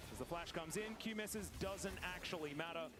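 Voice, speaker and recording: A man casting esports play-by-play, calling the action quickly and energetically. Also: a little high. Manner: fast, energetic calls with sponsor reads. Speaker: play-by-play caster.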